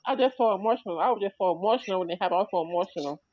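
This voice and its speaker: A woman's voice: medium pitch, rapid-fire, no echo. A woman livestream host telling a long story in casual chat, rambling, repeating words and restarting sentences often. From Chicago area. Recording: dry, muffled livestream audio.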